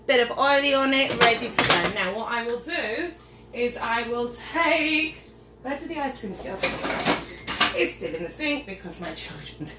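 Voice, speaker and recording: A woman's voice: fairly high pitch, animated, moderate pace, heavy background noise. A tipsy woman chatting her way through a casual cooking demonstration at home, rambling and losing her train of thought. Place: home kitchen, indoors. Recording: echoey kitchen with clattering dishes.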